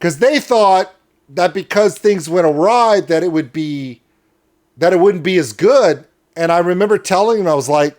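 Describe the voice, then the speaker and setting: A man's voice: high voice, animated, normal speed, darkish tone. A man hosting a casual interview, telling a long, enthusiastic, rambling story to his guest. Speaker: interview host.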